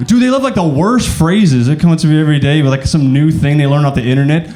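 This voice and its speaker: A man's voice: a little high, animated, fast, few pauses, mellow. A man from Arkansas doing a stand-up comedy set, rambling casually with lots of fillers. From Arkansas, USA.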